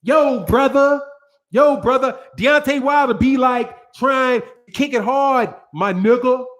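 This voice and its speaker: A man imitating someone who mockingly mimics a street-tough voice, slow and drawling and half-shouted. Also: extremely high pitch, pitched above the performer's own voice, heavily acted.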